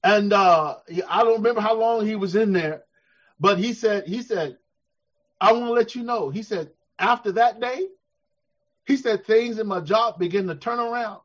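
High-voiced preacher, shouting then hushed. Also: male voice, normal speed, lo-fi sound. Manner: preaching with call-and-response, swelling to shouts then dropping soft. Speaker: pastor. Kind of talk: sermon.

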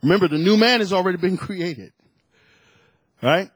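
A man preaching a sermon, reading scripture and rising into shouted, emotional fervor. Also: high voice, normal speed, slightly rough, dry recording. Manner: builds from calm teaching to shouted, emotional fervor; reads scripture aloud between comments.

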